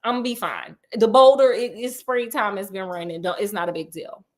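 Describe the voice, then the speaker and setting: A man's voice: sits high, brisk, lightly acted. Woman playing Sherlock Holmes, slangy and breezy. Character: Sherlock Holmes, a paranoid man brushing off danger.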